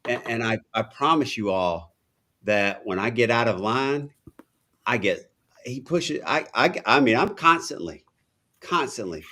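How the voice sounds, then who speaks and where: A man's voice: mid-range voice, animated, measured pace, sharp tone. A man co-hosting a faith podcast, speaking earnestly and insistently, repeating himself for emphasis. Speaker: podcast co-host. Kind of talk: casual faith chat.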